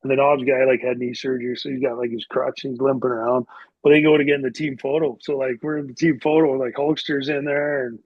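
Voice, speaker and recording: A man's voice: mid-range voice, level tone, fast, slightly rough, no room sound. A middle-aged man tells casual stories as a podcast guest. He rambles freely and leans on filler words. The recording sounds dull and lo-fi in a dry, close space. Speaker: podcast guest, former hockey player. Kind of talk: casual storytelling.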